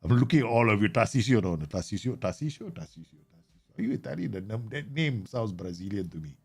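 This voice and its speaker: Man, low voice, live game stream, casual chatter, animated outbursts. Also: fast, vocal fry, slightly rough, no echo. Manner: animated, bursts into loud yells and laughs at his players; chatty, answers viewer questions with many fillers. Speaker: streamer playing a football management game.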